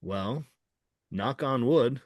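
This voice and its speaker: A man's voice: mid-range voice, animated, dry recording, highs cut off. A man who is a student pastor, co-hosting a podcast in playful casual chat and laughing often. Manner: playful, laughs often, quick bursts of talk.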